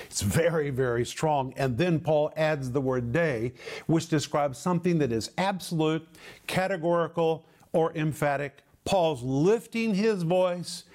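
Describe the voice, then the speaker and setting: Guy teaching the bible on tv, kinda high voice, really emphatic, drags out the key words. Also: a little mellow.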